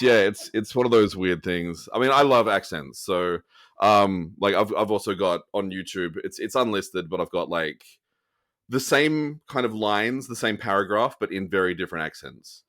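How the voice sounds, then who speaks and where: A man's voice: on the low side, moderate pace, no echo. Upbeat Australian man, dry close mic. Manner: upbeat, animated, many fillers. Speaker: guest actor. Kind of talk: casual interview over a video call.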